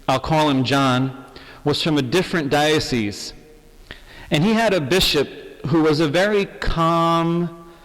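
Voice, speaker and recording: A man preaching an Easter sermon as a priest, speaking in a measured, earnest way in a large empty church. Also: on the high side. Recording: long reverb of a large church.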